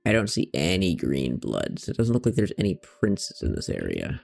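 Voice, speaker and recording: A man's voice: low voice, huge pitch swings, moderate pace, gravelly, darkish tone. A man streaming a game, chatting playfully through casual let's-play commentary and stopping to talk to his pet cat.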